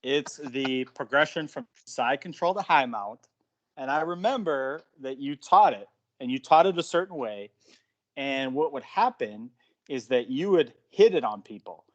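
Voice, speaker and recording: A man's voice: mid-range voice, lively intonation, a little slow, dull audio. Self-mocking storytelling coach, a man. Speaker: jiu-jitsu coach. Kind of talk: casual podcast chat.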